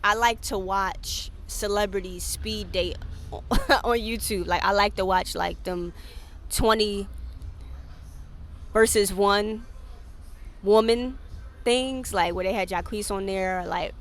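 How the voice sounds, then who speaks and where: A woman's voice: medium pitch, slow pace, pauses often. A woman hosting her own podcast in a casual solo chat, talking candidly with frequent swearing and laughter and acting out what people said. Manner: candid, profane, laughs often; animated, acts out quoted speech. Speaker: podcast host.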